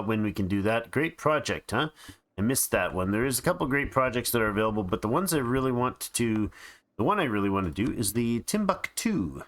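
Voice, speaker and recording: Hosting a let's play, a man whose mid-range voice has a bit of brightness sounds tired and keeps yawning. His casual commentary is thinking out loud, with lots of restarts.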